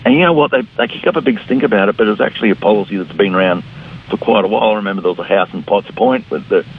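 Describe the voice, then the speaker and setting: Very fast, creaky and husky, the lowish voice of a middle-aged Australian politician comes through phone-line interview audio. As a radio guest he is blunt and combative and does impressions of his opponents.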